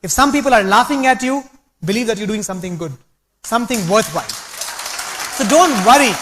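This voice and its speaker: A man's voice: high-pitched, lively intonation, quick pace, fairly bright tone, some chatter behind. A man giving a rousing, preachy motivational talk, telling anecdotes to an audience. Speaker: speaker at a business meeting.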